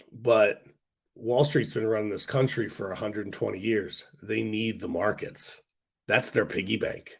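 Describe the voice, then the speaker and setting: Hoarse, congested man ranting on a livestream. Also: mid-range voice. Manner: blunt, ranting, quick asides to viewers. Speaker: stock market livestream host. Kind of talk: casual livestream talk to chat.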